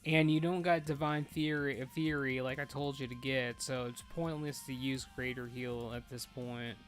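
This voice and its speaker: A man's voice: medium pitch, fairly even intonation, moderate pace, faint music behind. A man streaming an online game as raid leader, casually chatting and giving blunt, profane instructions to his teammates. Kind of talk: casual live gaming chat.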